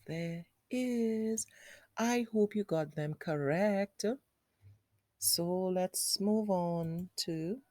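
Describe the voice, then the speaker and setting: A woman's voice: low voice, mellow, dry recording, studio quality. A woman teaching phonics to young children, patiently repeating sounds and words and asking the child questions.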